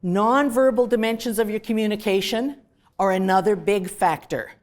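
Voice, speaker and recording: A woman professor with a Canadian accent lecturing a class in a classroom, lively and emphatic, stressing words for effect. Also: medium pitch, normal speed.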